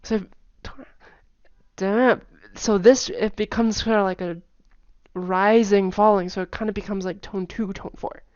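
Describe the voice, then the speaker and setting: A woman giving a casual explanatory lesson, demonstrating pitch with sung "da" syllables and quickly repeated words, chatty with frequent "like" fillers. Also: fairly even intonation, no room sound, highs cut off. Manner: chatty, with many "like" fillers and soft asides. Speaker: language teacher.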